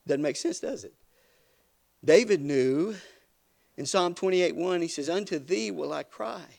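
A man delivers a sermon in a somewhat high voice with a gravelly edge. He swells from quiet, almost hushed lines to loud, climbing emphasis, then drops back down again. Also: animated, slow pace, pauses often. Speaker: preacher.

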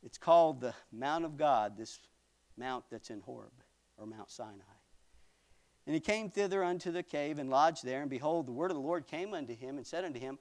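Dramatic preacher man, loud then hushed. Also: a little high, lively intonation, moderate pace. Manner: dramatic swings from loud to near whisper; folksy asides with small laughs. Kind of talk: sermon reading scripture with commentary.

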